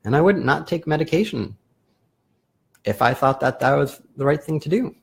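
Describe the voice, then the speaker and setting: A man hosting a live video as a therapist, explaining calmly in a casual, self-correcting way. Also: on the high side, normal speed, gravelly, slightly rough. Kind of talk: casual live-stream talk.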